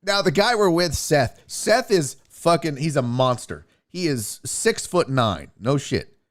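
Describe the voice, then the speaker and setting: A man's voice: fairly high pitch, measured pace. A young man hosting his own show, telling road-trip stories in a casual, profane way and acting out what people said. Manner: profane, animated, acts out quotes. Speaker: podcast host. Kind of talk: casual storytelling.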